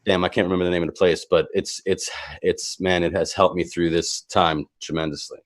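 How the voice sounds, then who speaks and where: A man hosting a casual chat, excitable, swearing and laughing often. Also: low-pitched, fairly quick. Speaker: host.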